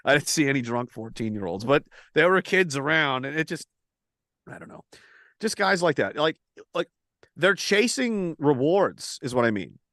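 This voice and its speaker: A man's voice: fairly high pitch, sing-song, moderate pace, a bit bright, dry recording, clean studio sound. Profane, mocking male host. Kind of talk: casual satirical commentary.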